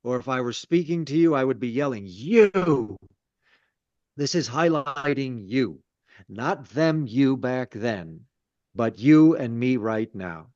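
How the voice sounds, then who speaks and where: A man's voice: mid-range voice, animated, measured pace, a little mellow, no echo. A man, a rabbi leading a Torah study, teaching conversationally with repeated words and self-deprecating asides. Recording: dull lo-fi sound.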